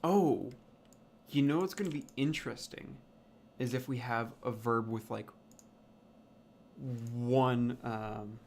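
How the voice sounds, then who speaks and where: A man's voice: mid-range voice, slow pace, pauses often, a little hiss or hum. A man thinking aloud as he builds a language, muttering, swearing and sounding out invented words again and again. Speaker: language creator. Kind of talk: thinking aloud while working.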